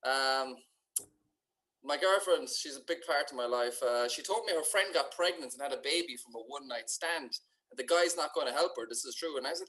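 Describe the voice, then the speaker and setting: A man's voice: medium pitch, brisk, pushed and bright, poor audio. Sardonic man doing stand-up. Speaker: stand-up comedian. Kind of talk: stand-up set. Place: comedy club stage.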